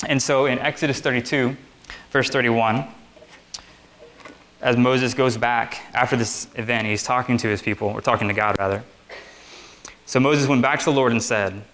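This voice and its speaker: Speaking to people gathered on chairs in a meeting room, a young man gives an informal sermon in a relaxed, chatty way packed with fillers. His voice is an ordinary mid-range pitch for a man, and he moves at a moderate pace with frequent pauses.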